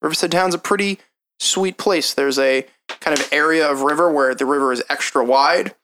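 A man's voice: fairly high pitch, normal speed, sharp tone, a little hiss or hum. A young man narrating a tabletop game as game master, describing scenes in a casual, loose way. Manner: casual, descriptive, breaks into townsfolk voices.

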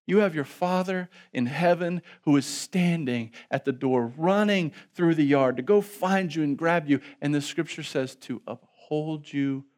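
Man preaching a sermon, hushed to loud. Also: fairly high pitch. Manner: swings from soft hushed pleading to loud emphatic preaching; asks the congregation to respond aloud. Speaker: pastor.

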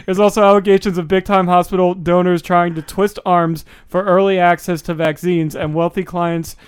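A man's voice: sits high, little pitch movement, normal speed, clear, resonant tone. A man co-hosting a casual comedy podcast, reading news items aloud and laughing often between lines.

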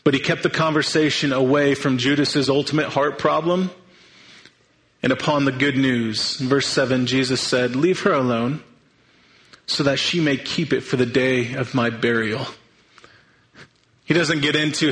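A man's voice: mid-range voice, moderate pace, a bit bright, low-quality recording. A man preaching a sermon, earnest and thinking aloud, sometimes restarting his sentences. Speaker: pastor.

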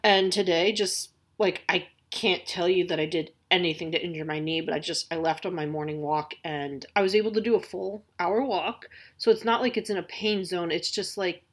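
A woman's voice: on the low side, normal speed, few pauses, breathy edge. A woman in her forties hosting a podcast, talking candidly in a rambling personal monologue full of restarts. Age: 40s. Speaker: podcast host.

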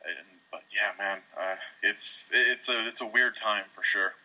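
A man's voice: on the low side, fairly even intonation, measured pace, bright, forceful tone, low-quality recording. A man co-hosting a podcast, talking casually and hedging with fillers. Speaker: podcast co-host. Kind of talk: casual chat.

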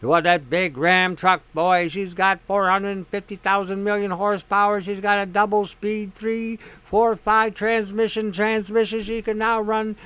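A man's voice: sits high, flat delivery, a little slow, hardly any pauses, fairly bright tone, clean tone, no room sound. A male host in a casual monologue, blunt, profane and sarcastic.

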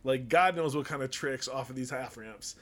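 A man's voice: mid-range voice, moderate pace, a bit bright. A man co-hosting a casual podcast, talking in a rambling, self-deprecating way. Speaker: podcast co-host.

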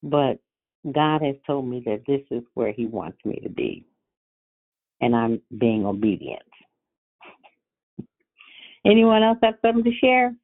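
A woman from California hosting a morning prayer call, affirming others and softly repeating phrases. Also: very deep voice, sing-song, unhurried, pauses often. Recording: phone-line call audio.

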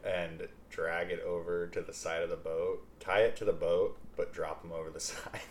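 A man's voice: sits low, little pitch movement, moderate pace, a little hiss or hum. A man playing a tabletop game, laid-back and amused as he describes what his character does. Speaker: player. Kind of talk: casual tabletop play.

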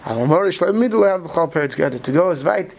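A man teaching a study class, talking quickly and checking in with "right?" as he explains. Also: fairly high pitch, animated, creaky, a little mellow. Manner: quick, mixes Hebrew terms into English, many "right?" checks. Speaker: Torah teacher. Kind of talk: Talmudic study lecture.

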